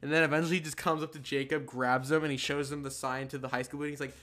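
A young man in his late teens co-hosting a podcast, telling rambling, profane stories in casual chat with loud bursts of laughter. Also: a little high, little pitch movement, rapid-fire, hardly any pauses. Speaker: podcast co-host.

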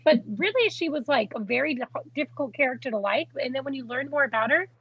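A young woman co-hosts a podcast, chatting in a bubbly, giggly way and saying "like" a lot. Her high voice is animated, slightly rough, and quick. The recording is dry and lo-fi.

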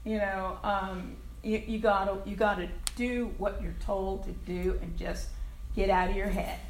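A woman's voice: mid-range voice, little pitch movement, unhurried, slight background noise. An older woman sharing her recovery story at a meeting, candid and frank, swearing casually and laughing at herself. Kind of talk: personal recovery share. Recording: echoey room with faint ambience.

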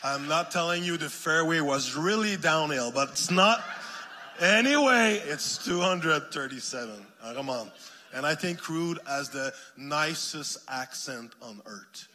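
A man with a Quebec French accent preaching a sermon as a guest speaker, joking and then rising to fervent shouting. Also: mid-range voice, measured pace, slight background noise. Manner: jokey and warm at first, then builds to fervent shouted preaching. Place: church sanctuary. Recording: long hall reverb in a church.

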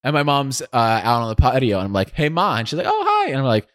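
A young man co-hosting a podcast and telling a story in an easy, casual way, now and then slipping into other people's voices. His voice sits at an ordinary pitch and is recorded dry and close to the mic. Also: quick pace, clean tone, no echo. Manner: storytelling, acts out family members' lines. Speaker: co-host.

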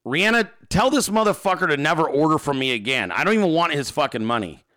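A man talks straight to his live audience, swearing freely and ranting. His voice sits fairly high for a man, bright and forceful. His pitch swings widely as he works himself up. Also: animated, quick pace. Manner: profane, ranting; reads viewer emails and chat aloud. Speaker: host. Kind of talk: casual livestream chat.

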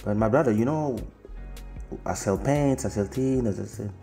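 A man's voice: on the low side, normal speed, vocal fry, dark tone, soft background music. A man voicing a pushy male market seller who keeps calling the listener his brother. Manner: insistent, repeats "my brother".

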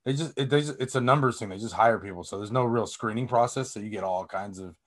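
A man's voice: fairly low pitch, fast. A man in a casual chat, laid-back and teasing in his reactions.

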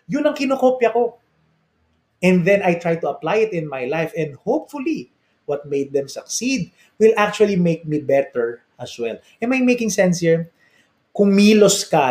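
A Filipino-accented male preacher with a fairly high voice, delivering a lively motivational sermon. He asks his listeners questions and repeats his main points for emphasis. The sound carries a roomy echo. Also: a little slow. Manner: energetic, rhetorical, repeats key lines for emphasis. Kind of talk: sermon-style motivational talk.

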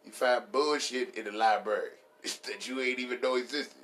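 A man ranting casually and profanely for laughs, rambling, laughing at his own jokes and jumping into high put-on voices. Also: normal speed, a bit bright. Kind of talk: casual comedic rant.

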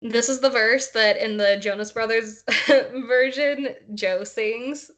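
A woman's voice: fairly high pitch, slow, fairly bright tone. A young woman co-hosting a podcast, chatty and giggly, with lots of "like". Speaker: podcast co-host. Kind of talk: casual chat.

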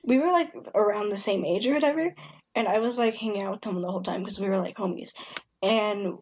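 A young woman chatting casually, telling a story in a laid-back, halting way. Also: medium pitch, darkish tone, breathy edge, dull audio. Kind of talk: casual chat.

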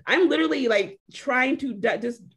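A woman co-hosting a casual chat, telling a story in an animated way full of "like" and acted-out quotes. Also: high voice, moderate pace, husky. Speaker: podcast co-host.

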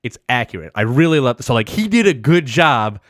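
A man rambles through a film plot in casual chat, animated and loud with profanity. His voice sits at an ordinary middle pitch, and the recording is dry and close, with little room sound. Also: fairly quick, no room sound. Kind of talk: casual movie recap chat.

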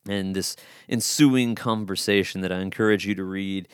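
A man's voice: low-pitched, steady tone, normal speed, clear, resonant tone, dry recording, clean studio sound. A man preaching a sermon in an earnest, conversational way, posing rhetorical questions to his listeners. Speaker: pastor.

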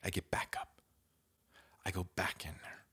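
A young man on his own podcast tells a casual story in slangy, animated fashion, whispering and then shouting as he acts it out. He keeps a moderate pace.

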